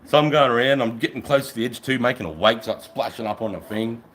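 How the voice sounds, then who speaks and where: An Australian man, a middle-aged army veteran, telling war stories on a live stream in a casual, profane, animated way. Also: mid-range voice, fast, rough recording. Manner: profane, animated, acts out voices. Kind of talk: casual storytelling.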